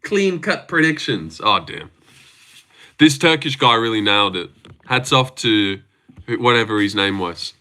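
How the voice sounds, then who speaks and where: A man's voice: on the low side, expressive, a little slow, bright, forceful tone. A young man hosting a casual livestream, teasing his chat with self-mocking banter. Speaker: livestream host.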